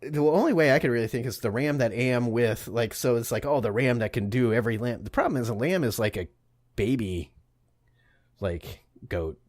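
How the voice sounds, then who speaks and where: A man's voice: medium pitch, lively intonation, brisk, darkish tone, dry recording, studio quality. Laughing, profane man on a podcast. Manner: profane, jokey, laughs often. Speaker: podcast co-host. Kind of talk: casual comedic history chat.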